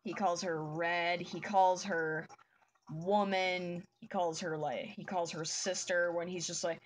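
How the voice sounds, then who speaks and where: A woman's voice: fairly low pitch, steady tone, slow pace, slight background noise. A young woman streaming her drawing and chatting with viewers in a casual, giddy way. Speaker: art streamer. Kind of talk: casual chat while drawing.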